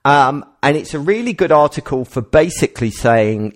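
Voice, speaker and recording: A man's voice: a little high, normal speed, few pauses. A man hosting a casual podcast chat, rambling and correcting himself as he goes. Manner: rambling, self-correcting, lively delivery. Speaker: podcast host.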